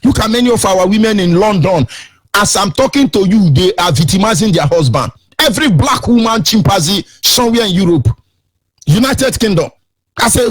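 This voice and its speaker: A middle-aged Nigerian-accented man holds forth as a radio host, preaching his points with emphatic, sing-song rises. His voice sits high and swings widely in pitch, with a husky edge. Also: animated, brisk.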